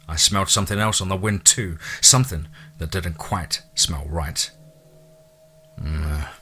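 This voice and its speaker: A man narrating a first-person story in a measured way, dropping to hushed tones at eerie moments. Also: low voice.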